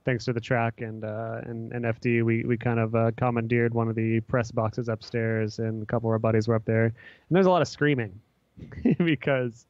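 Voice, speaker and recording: Male podcast host, relaxed and rambling, slangy; dull, dry recording. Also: medium pitch, moderate pace, no echo. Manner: laid-back, rambling, slangy. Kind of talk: casual podcast chat.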